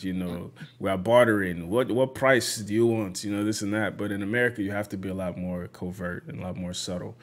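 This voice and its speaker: A man from Nigeria, a podcaster, answering interview questions in a relaxed, measured way with many fillers. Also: on the low side. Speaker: podcaster guest.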